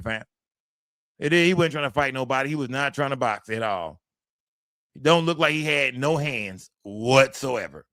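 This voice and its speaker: A man at a middle pitch hosts a livestream, talking straight to his chat. He speaks emphatically and swears freely. The sound is dry and close, with no room echo. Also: a bit bright, clean tone. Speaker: livestream host. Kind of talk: livestream commentary.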